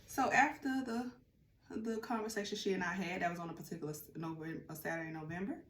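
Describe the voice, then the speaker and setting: A woman telling a personal story in a casual, animated vlog, talking straight to her viewers. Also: fairly low pitch, quick pace, reverberant. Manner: animated, chatty, addresses viewers directly.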